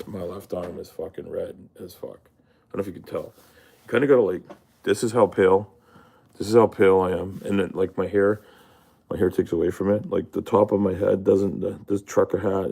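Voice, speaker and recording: A man's voice: low voice, creaky, darkish tone, slightly rough. A man chatting casually on a livestream as a trucker, rambling and profane, with lots of fillers and restarts.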